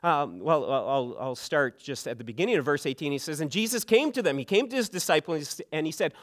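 A man's voice: on the high side, lively intonation, fairly quick, fairly bright tone. A middle-aged man from Canada preaching a sermon, earnest, often repeating words as he starts a sentence. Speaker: pastor.

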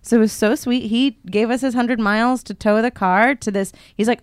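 A woman's voice: fairly high pitch, a little fast, hardly any pauses, clean tone, no room sound, studio quality. A woman co-hosting a podcast, telling a story in casual chat and acting out quotes with lots of fillers. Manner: animated, acts out quotes with many fillers. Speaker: podcast co-host.

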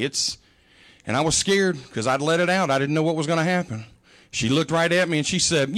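High-voiced man preaching with folksy humor. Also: brisk, a bit bright. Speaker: pastor. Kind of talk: sermon.

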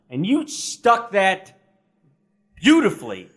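A man's voice: high voice, big pitch swings, takes it slowly, very noisy. A man co-hosting a podcast, telling a story in a chatty, wry way. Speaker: podcast co-host.

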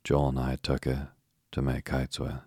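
A man voicing an earnest little boy who speaks quietly and soberly. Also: extremely low pitch, monotone, moderate pace, husky, no room sound, clean studio sound, exaggerated voice.

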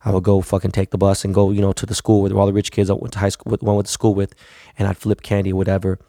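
A man's voice: deep voice, monotone, fast talker, creaky, dark tone, no room sound, studio quality. A man in his thirties from the US West Coast, hosting a podcast in a blunt, profane, rambling monologue. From United States, West Coast. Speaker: podcast host. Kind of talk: casual monologue.

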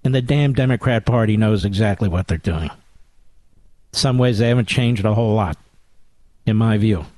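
A man's voice: fairly low pitch, moderate pace, long pauses, darkish tone, no room sound. A man hosting a political talk radio show, delivering a combative, sarcastic monologue.

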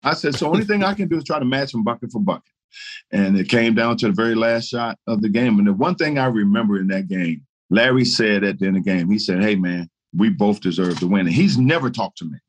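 An older man tells stories in casual conversation. He is animated and laughs easily. His voice sits a little low. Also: fast. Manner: animated storyteller, laughing through anecdotes. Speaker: guest, retired basketball player. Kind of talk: casual storytelling chat.

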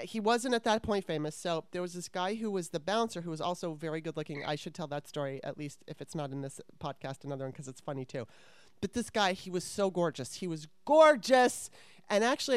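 A woman's voice: sits low, darkish tone, clean tone, no room sound. Candid, profane woman telling a story. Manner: candid, profane, rambling with restarts. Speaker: podcast host. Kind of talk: casual storytelling chat.

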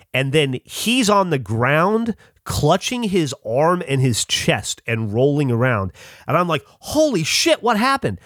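A man telling a story in a loose, rambling way, swearing freely and restarting his sentences. His voice sits at a middle pitch for a man and sounds dry and close, with no room echo. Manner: rambling, profane, lots of restarts. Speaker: podcast host. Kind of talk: casual storytelling.

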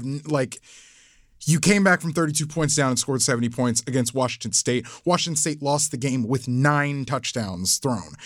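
Guy co-hosting sports chat, stumbles and restarts a lot, higher voice, dry. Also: fairly bright tone, dry recording. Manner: halting, restarts, laughs easily. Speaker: podcast co-host.

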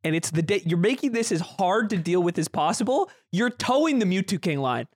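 A man on a podcast rants in exasperation about a grievance. His voice is very high and jumps around a lot. He talks in a casual, heated way. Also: big pitch swings, fairly quick. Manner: exasperated ranting. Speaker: podcast co-host. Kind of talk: casual chat.

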